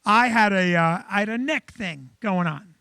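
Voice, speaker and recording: A male comedian hosting a live show from a comedy club, telling stories in an animated, chatty way. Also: sits high, moderate pace, smooth, no room sound.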